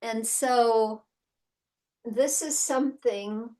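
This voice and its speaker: A woman's voice: on the high side, very slow, a little mellow, rough recording. A woman from Germany teaching a horsemanship course, mixing personal stories into the lesson and often checking in with "right?". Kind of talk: teaching session with personal storytelling.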